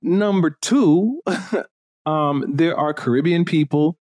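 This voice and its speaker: On his podcast, a man from Jamaica chats casually and takes his time, his voice fairly high. He is animated and opinionated with frequent fillers, captured in a dry, clean studio recording.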